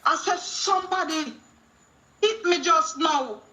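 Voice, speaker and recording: A woman's voice: very high-pitched, takes it slowly, sharp tone. A middle-aged woman with a Jamaican accent, calling in to a talk show with a preachy testimony that quotes scripture and acts out dialogue in patois. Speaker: caller.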